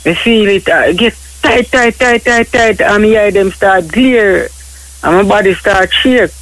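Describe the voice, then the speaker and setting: A man's voice: high-pitched, a little slow, fairly bright tone, no echo, poor audio. A man with a Jamaican accent calling in to a radio show, rambling and stammering in patois. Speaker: caller. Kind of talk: call-in radio talk.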